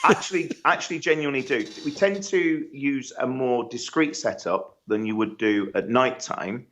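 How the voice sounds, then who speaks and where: A man's voice: mid-range voice, moderate pace, fairly bright tone. A man who works as a wedding host and DJ, chatting playfully on a live stream. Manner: teasing, playful. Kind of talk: casual live-stream chat.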